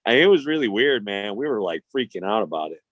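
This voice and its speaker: A man's voice: lowish voice, sing-song, quick pace, a bit bright, dry recording. A man, telling stories in casual, profane, rambling chat as a podcast host. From Chicago. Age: 50s.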